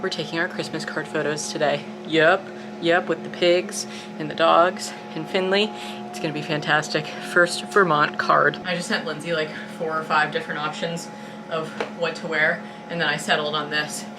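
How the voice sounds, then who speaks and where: A young woman vlogger talks casually to the camera, her chatty speech peppered with "like" and "you know." Her voice sits low with a steady tone and moderate pace, and she's out of breath from walking uphill. Background noise can be heard.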